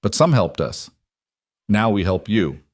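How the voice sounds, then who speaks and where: A brisk, stern old farm wife with a Norwegian accent, put on by a male narrator. She speaks in short, blunt broken English. The sound is dry and close. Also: on the low side, big pitch swings, no room sound. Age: older.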